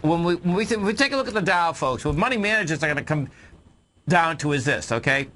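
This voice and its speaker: Quick and lively, a slightly high, sharp voice belongs to a market analyst co-hosting a radio show with callers. He hammers his points to listeners emphatically, repeating phrases, in this radio broadcast.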